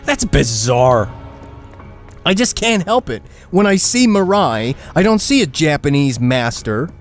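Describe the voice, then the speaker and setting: A man's voice: a little high, sing-song, a little slow, faint music behind. A man streaming a game, rambling and ranting with frequent laughter and restarts. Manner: rambling, ranting, self-interrupting; laughs often, exaggerated complaints. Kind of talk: live gameplay commentary.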